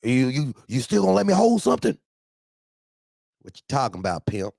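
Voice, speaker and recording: A man's voice: medium pitch, big pitch swings, fairly quick, gravelly, a little mellow, no room sound, clean studio sound, voice pushed up. A man voicing a pleading, evasive man who begs for money and keeps repeating himself. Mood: wheedling.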